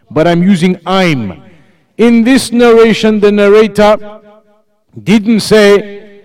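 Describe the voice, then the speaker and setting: High-voiced man teaching a religious class. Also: measured pace, darkish tone, smooth. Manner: explanatory, repeats key points, asks the class questions. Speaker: Islamic teacher. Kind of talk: religious lesson to students.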